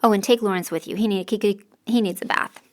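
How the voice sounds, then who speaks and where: A woman's voice: mid-range voice, fairly even intonation, fast, natural voice. A woman doing a sarcastic young heroine. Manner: curt and sarcastic. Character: sharp-tongued defiant young woman heroine.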